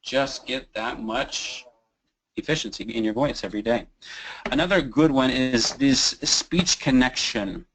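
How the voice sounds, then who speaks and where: A man's voice: medium pitch, a little slow, fairly bright tone, slight background noise, low-quality recording. A man from the Kansas City area, a voice teacher, talking casually in a webinar and showing vocal exercises by moaning, sighing and singing short bits. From Kansas City area, USA. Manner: casual, demonstrates moans, sighs and creaky sounds.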